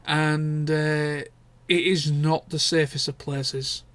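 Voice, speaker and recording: A man's voice: fairly high pitch, little pitch movement, slow pace, a bit bright. A young man, chatting casually and candidly in a rambling vlog catch-up, with the odd swear word. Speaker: vlogger. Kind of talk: casual chat.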